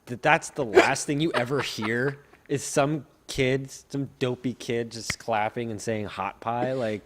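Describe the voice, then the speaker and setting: A man co-hosting a casual podcast about a book, joking and animated in his reactions. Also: mid-range voice, a little slow, very noisy. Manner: joking, animated, puts on silly quoted voices. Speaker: podcast co-host.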